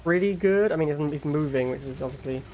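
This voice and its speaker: A man streaming a strategy game, giving chatty commentary with quick reactions and laughing at his own jokes. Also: fairly high pitch, darkish tone. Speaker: gaming streamer. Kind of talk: casual gameplay commentary.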